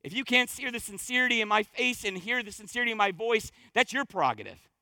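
A male pastor with a very high, bright voice, preaching from the pulpit in a fervent, exhorting sermon. He presses his points with urgent repetition. The sound is close and dry. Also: expressive, fast talker, no room sound. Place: church stage.

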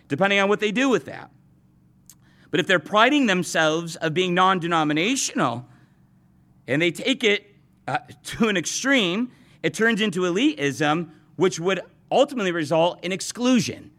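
With a high, animated, slightly bright voice at a moderate pace, a male pastor preaches to his flock. He speaks to them directly and earnestly, often repeating or restarting words.

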